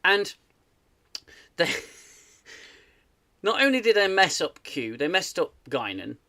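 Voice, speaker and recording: A man from the UK hosts a casual live stream chat, his voice bright and a little higher than most. He rants with animated energy, tripping over restarts as he goes. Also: slow pace. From United Kingdom. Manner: animated, ranting, many restarts. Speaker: host.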